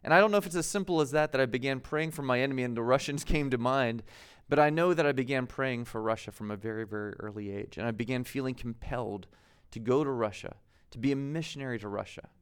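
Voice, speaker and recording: A man's voice: mid-range voice, fast talker, hardly any pauses, clear, resonant tone. A man in his thirties from the United States, preaching a conversational sermon as pastor, laughing at himself now and then.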